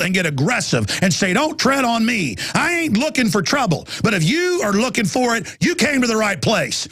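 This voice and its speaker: A man hosting a talk radio show, ranting forcefully in a heated monologue and acting out encounters with other people. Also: high voice, gravelly, husky, dry recording. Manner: ranting, forceful, acts out encounters in put-on voices.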